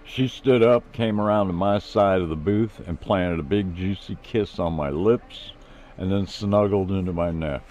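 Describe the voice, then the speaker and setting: A man narrating his own novel in the first person. His voice is low and his pace slow and unhurried, with plain storytelling. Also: darkish tone. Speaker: author and narrator. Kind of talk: reading a novel aloud.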